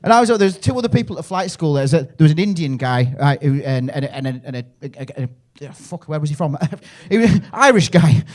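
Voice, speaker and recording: A young man from England with a Yorkshire accent, doing a stand-up set at a comedy club and telling crude, rambling stories with loud act-outs. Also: a little high, lively intonation, a little fast, hardly any pauses.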